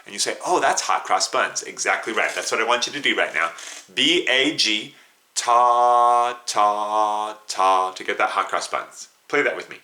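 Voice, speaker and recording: A man's voice: on the low side, lively intonation, quick pace, hardly any pauses, pushed and bright. A man teaching a beginner flute lesson, patiently coaching students, counting them in and singing note names and tonguing syllables.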